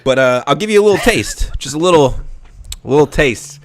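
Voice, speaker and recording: A man's voice: fairly high pitch, animated, a little fast. A man co-hosting a casual comedy podcast, stammering through restarts and laughing at himself. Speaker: podcast co-host.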